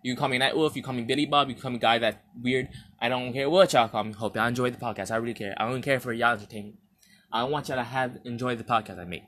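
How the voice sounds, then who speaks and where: Animated young man retelling a wild dream. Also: fast, slight background noise. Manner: animated retelling that acts out his own reactions with big jumps in pitch and loudness; rambling slangy delivery with restarts. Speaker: podcast host. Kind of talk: casual dream storytelling monologue.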